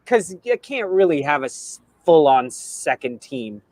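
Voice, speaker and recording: A man's voice: fairly high pitch, very animated, unhurried, darkish tone, dry recording. Chatty man with a dry, close sound. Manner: chatty, self-deprecating, trailing restarts. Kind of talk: casual chat.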